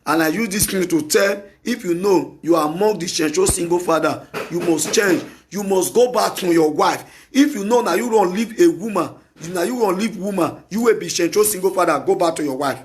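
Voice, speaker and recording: Speaking briskly in a high-sitting voice, a Nigerian-accented talk show host gives an opinionated monologue. He's emphatic and keeps repeating himself, with occasional bursts of shouting.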